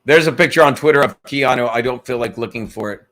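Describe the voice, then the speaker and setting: A man's voice: medium pitch, quick pace, a bit bright. A man hosting a casual livestream chat, rambling and joking as he tells a story, cursing freely. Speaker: podcast host.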